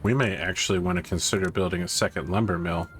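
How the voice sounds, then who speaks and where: A man streaming a city-building game, thinking aloud in casual commentary that rises when he gets excited. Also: deep voice, fast, music in the background. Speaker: gaming streamer.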